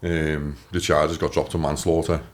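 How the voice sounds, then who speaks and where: A man in his thirties with a Liverpool accent, telling his story as a podcast guest, animated and swearing, acting out what others said. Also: a bass voice, moderate pace. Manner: animated, swears, acts out quotes. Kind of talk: casual storytelling.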